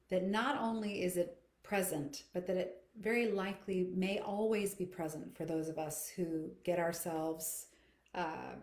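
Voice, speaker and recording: Reflective woman coach in an echoey room. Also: on the low side. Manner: warm, reflective, frequent fillers and restarts. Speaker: singing coach answering questions. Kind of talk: live Q&A, conversational teaching.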